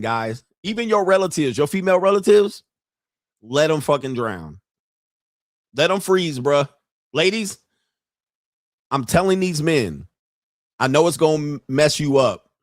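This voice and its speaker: A man hosts a live stream from a home studio, ranting in a loose, profane, joking way. His voice sits a little high, and he slips into put-on voices to quote people. The sound is dry and close, with no room echo. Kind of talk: casual live-stream rant.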